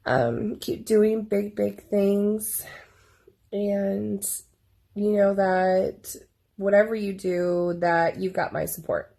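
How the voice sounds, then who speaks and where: Woman, unhurried, warm-hearted video message, lots of ums. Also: medium pitch, level tone, gravelly. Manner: affectionate, rambling with fillers. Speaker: friend sending a video message. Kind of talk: casual recorded video message.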